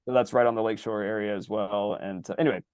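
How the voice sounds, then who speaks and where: A man's voice: on the low side, steady tone, fast talker, a little mellow, clear, resonant tone, no echo, clean studio sound. A man co-hosting a podcast, talking casually in a rambling, profane, loose way. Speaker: podcast co-host.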